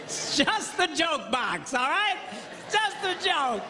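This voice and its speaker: A playful man in his fifties spins comic stories for a live audience, his pitch leaping about as he goes. His voice rings through a long hall echo. Loud laughter and room noise surround him. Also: a crowd in the background. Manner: animated, playful, lots of quick restarts. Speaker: marriage seminar speaker. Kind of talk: comedic stage storytelling. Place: large auditorium on stage.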